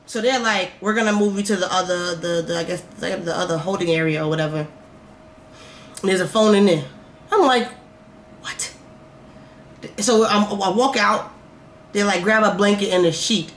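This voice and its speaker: A young woman vlogger telling a casual storytime, animated and swearing as she acts out her own reactions. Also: medium pitch, a little fast. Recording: echoey room, faint noise.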